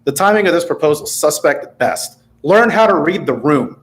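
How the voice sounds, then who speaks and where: A man's voice: on the high side, expressive, fairly quick. A man giving a prepared, critical public comment at a city council meeting, sarcastic in tone. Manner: sarcastic, critical, reading from notes. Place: council chamber.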